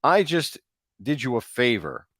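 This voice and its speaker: A man voicing a cold, emotionless wife who speaks in a flat, matter-of-fact way. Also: mid-range voice, a little slow, no room sound, clean studio sound, heavily acted. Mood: coldly blunt.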